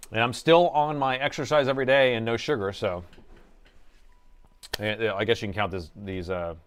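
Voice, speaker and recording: Chatty man rambling on a live stream. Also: fairly low pitch. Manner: rambling, chatty, reads viewer comments aloud and laughs often. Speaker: laptop repair technician streaming live. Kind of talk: casual live-stream chat.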